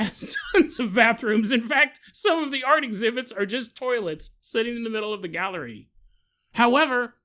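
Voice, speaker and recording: A man's voice: sits high, a bit bright. A man voicing a playful French male job interviewer in an exaggerated put-on French accent. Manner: theatrical, swooping exaggerated delivery.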